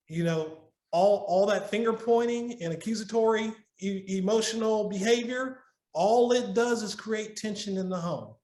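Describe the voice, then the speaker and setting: High-pitched and unhurried, with a darkish tone, a middle-aged man speaks as a podcast guest giving earnest marriage advice conversationally. Telling a story, he often repeats and restarts words, and the recording has a roomy echo.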